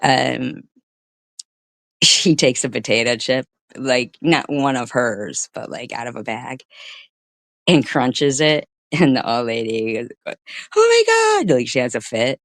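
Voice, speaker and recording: Gravelly, sarcastic woman ranting. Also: extremely low pitch, measured pace, no echo, studio quality. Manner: profane, sarcastic and mocking; chatty storytelling. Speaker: live-stream commentary host. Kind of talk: ranting live-stream commentary.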